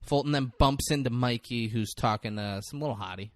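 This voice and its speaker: A man's voice: mid-range voice, no echo, clean studio sound. A man co-hosting a podcast, casually recapping a movie scene by scene and cursing freely as he acts out the characters' lines. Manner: profane, acts out characters' lines in quick bursts. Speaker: podcast co-host.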